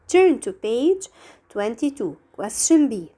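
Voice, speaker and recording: A woman's voice: a little high, lively intonation, slow, darkish tone. A woman teaching an English grammar lesson, walking through exercises step by step with patient questions.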